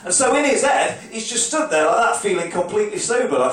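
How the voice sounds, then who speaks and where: Man, stand-up storyteller, higher voice, caught on a phone from far back in a very echoey club. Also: big pitch swings, fast talker, hardly any pauses. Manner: rambling storytelling, acts out drunk clubbers in shouted bursts. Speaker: stand-up comedian. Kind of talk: stand-up comedy set. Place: comedy club stage, live audience. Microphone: phone recording from the audience.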